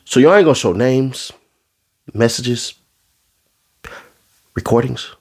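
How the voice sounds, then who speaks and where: A man doing a casual commentary rant, full of street slang, who swings from low asides into high, exasperated outbursts. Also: takes it slowly, darkish tone, husky. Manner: street slang, addresses the audience as bro. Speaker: commentary vlogger.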